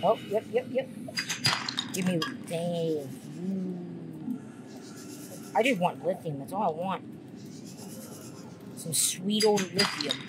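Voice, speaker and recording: A woman's voice: on the low side, takes it slowly, long pauses, very noisy. Jumpy, rambling woman gamer. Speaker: gaming YouTuber. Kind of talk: casual gameplay commentary.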